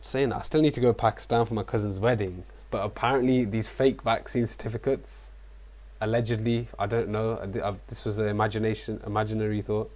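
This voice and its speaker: A man's voice: fairly low pitch, steady tone, fast talker, a little mellow. A man hosting a live trading stream, chatty and self-mocking in casual talk. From Britain.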